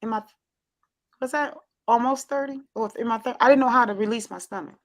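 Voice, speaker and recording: An American woman hosting a casual group chat show, animated and exclamatory, with frequent restarts. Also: a little high, fairly quick. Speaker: host.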